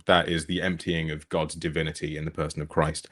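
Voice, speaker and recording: Low-voiced young man explaining carefully. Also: flat delivery, fairly bright tone. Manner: measured, explanatory, hesitant. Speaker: guest. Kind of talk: casual discussion.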